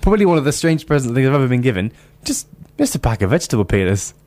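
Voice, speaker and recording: A man's voice: mid-range voice, sing-song, rapid-fire, darkish tone. A young man in his twenties co-hosting a casual chat show, rambling and hesitant and laughing often. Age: 20s. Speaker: podcast co-host.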